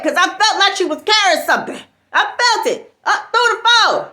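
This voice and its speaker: High, bright-voiced sassy church lady. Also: expressive, normal speed. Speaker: comedian. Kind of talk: comedic storytelling monologue.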